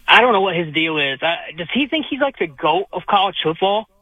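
A fairly high-pitched male caller who comes through a dull, dry line. He is blunt and opinionated, tripping over restarts as he makes his point. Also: lively intonation, a little fast, slightly rough, no room sound. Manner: blunt, stammers on restarts, says "man" and "dude". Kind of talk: opinionated call-in chat.

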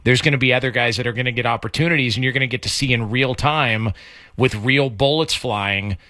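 Bright, dry-voiced male radio co-host. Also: mid-range voice, brisk, no room sound. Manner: conversational, rambling run-on sentences. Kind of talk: sports radio chat.

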